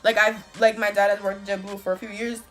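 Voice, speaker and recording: A woman telling a storytime vlog in an animated, profane, slangy way. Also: mid-range voice, fast, faint music behind. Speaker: vlogger.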